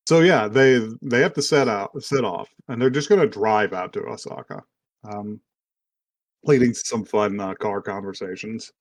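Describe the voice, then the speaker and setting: A man co-hosting a podcast, recapping an anime in a relaxed, rambling way with casual swearing. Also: on the low side, moderate pace, no echo. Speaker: podcast co-host.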